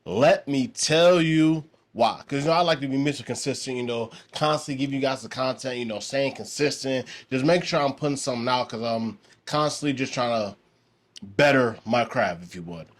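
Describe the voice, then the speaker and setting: A man's voice: mid-range voice, normal speed. Laid-back man hosting a podcast. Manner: laid-back, rambling, many fillers. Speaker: podcast host. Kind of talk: casual podcast chat.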